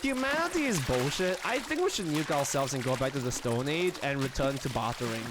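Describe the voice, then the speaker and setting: A young man livestreaming in a casual, rambling chat, excitable, often laughing and squealing, with lots of restarts. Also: mid-range voice, brisk, few pauses, noisy background. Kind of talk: casual live-stream chat.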